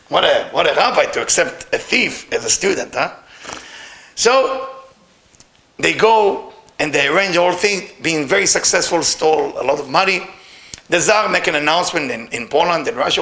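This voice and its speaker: Animated storyteller with gravelly voice. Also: male voice, on the high side, normal speed. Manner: broken English, animated storytelling. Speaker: Kabbalah teacher. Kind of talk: storytelling lesson.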